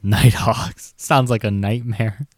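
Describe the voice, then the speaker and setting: A man's voice: on the low side, steady tone, slow, dry recording, clean studio sound. A young man co-hosting a casual podcast, wisecracking and laughing. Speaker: podcast co-host. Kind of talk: casual chat. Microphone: desk microphone.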